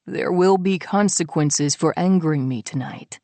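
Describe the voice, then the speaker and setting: A woman's voice: sits low, moderate pace, warm tone, no echo, lightly acted. A woman voicing a stern, possessive man who speaks curtly and with menace in an audiobook. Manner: curt, menacing. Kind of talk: audiobook character voice.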